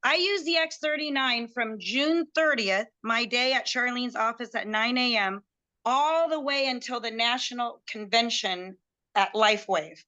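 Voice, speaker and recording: A woman guest telling a personal story in an excited, chatty way, acting out what others said to her. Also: fairly high pitch, a little slow, highs cut off. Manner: chatty, excitable, acts out quoted dialogue.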